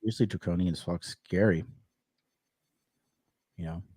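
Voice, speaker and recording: A man co-hosting a casual podcast, telling a story with lots of swearing and animated retelling. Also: deep voice, moderate pace, breathy edge, dry recording, clean studio sound. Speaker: podcast co-host. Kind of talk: casual chat.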